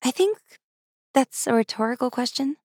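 Woman reading naive young princess, soft and earnest, dry close mic. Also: high voice, lively intonation, moderate pace, dry recording, pitched above the performer's own voice. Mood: curious. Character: naive young princess new to human society.

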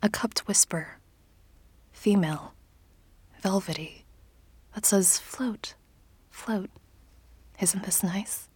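A woman narrating a first-person story in an audiobook, in a hushed, often whispered, intimate delivery. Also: on the low side, slightly rough, no echo.

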